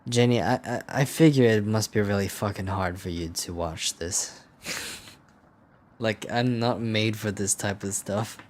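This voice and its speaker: Young male gamer, deep and slow, quiet narrator read broken by cursing asides. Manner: profane, laughing asides, drops to a hushed low narrating voice. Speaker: let's play gamer. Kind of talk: reading a text game aloud with commentary.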